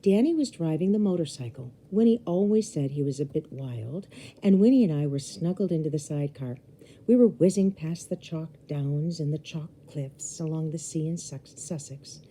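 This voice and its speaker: A woman reads a children's book aloud in an expressive storytime voice, speaking straight to young listeners. Her voice is low, very dark and mellow, with a husky edge and a lively, rising and falling melody. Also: normal speed, slight background noise, rough recording. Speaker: storybook reader. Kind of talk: reading a children's novel aloud.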